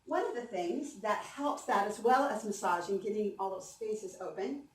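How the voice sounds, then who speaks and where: A woman voice coach giving an animated, encouraging conference workshop and leading the audience through exercises. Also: mid-range voice, normal speed. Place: conference hall. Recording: echoey hall, mic from a distance.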